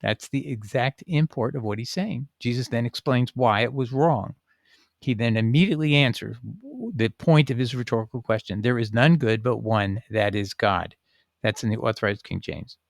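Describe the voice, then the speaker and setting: A man hosting his own channel, casually talking through a Bible passage and reading verses aloud, pausing often with fillers and restarts. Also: medium pitch, gravelly, no room sound, studio quality. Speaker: Bible teaching channel host. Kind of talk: casual spoken Bible commentary.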